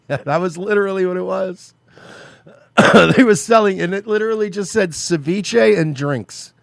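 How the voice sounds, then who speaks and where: A man's voice: fairly high pitch, sing-song, normal speed, gravelly, no room sound. A man co-hosting a podcast in crude, profane comedic banter. He laughs often and slips into mock voices. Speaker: podcast co-host.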